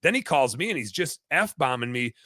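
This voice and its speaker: A man hosting a podcast, telling a long story in a rambling, animated way, full of fillers. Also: medium pitch, moderate pace, no echo. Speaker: podcast host, business owner.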